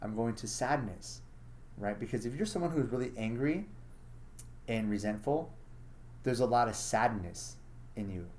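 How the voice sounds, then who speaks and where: A man's voice: medium pitch, lively intonation, normal speed, long pauses, a little mellow, slight background noise. A man hosting a casual solo monologue, blunt and profane, acting out his own inner thoughts as he talks. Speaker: podcast host.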